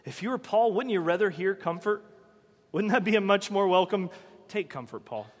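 A man's voice: sits high, fairly quick, long reverb tail. A man preaching a sermon in a conversational way, asking his listeners rhetorical questions. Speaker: pastor.

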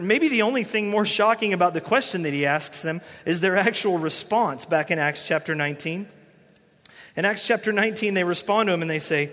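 A man's voice: high voice, moderate pace, fairly bright tone. A man preaching a conversational sermon, acting out the people he quotes. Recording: long hall reverb.

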